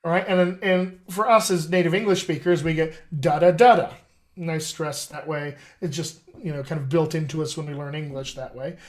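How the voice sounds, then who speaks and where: A man's voice: on the high side, fairly even intonation, moderate pace, hardly any pauses. A middle-aged man, a dialect coach, hosting a casual live-stream chat in an upbeat, salesy way and calling his viewers his friends.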